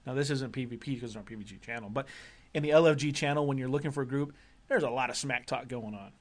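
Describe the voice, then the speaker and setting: A man's voice: medium pitch, racing. A man co-hosting a casual gaming podcast, rambling and joking, with lots of fillers and restarts. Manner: rambling, joking, self-interrupting. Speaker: podcast co-host.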